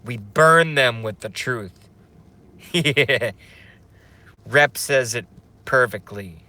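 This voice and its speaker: A man's voice: medium pitch, slow pace, bright, forceful tone. A man hosting a casual livestream, rambling, swearing, and reading out viewer comments. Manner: rambling, profane, emotional; reads chat comments aloud. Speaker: livestream host.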